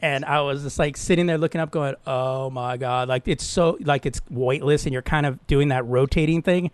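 A man's voice: a little high, fairly even intonation, a little fast, no room sound. A man co-hosting a podcast who laughs often and stumbles over his words while telling stories. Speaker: podcast co-host. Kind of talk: casual chat.

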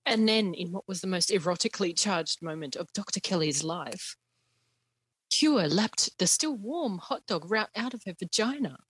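A woman's voice: mid-range voice, expressive, fairly bright tone, husky, no room sound. A woman co-hosting a casual comedic book talk, giggly and often laughing. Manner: slow, giggly, prone to laughing. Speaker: podcast co-host.

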